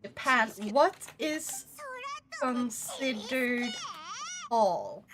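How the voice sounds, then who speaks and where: Excitable high-voiced Swedish woman streamer. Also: very slow, a crowd in the background. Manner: excitable, swears freely, loud bursts of laughter. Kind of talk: casual live-stream chat.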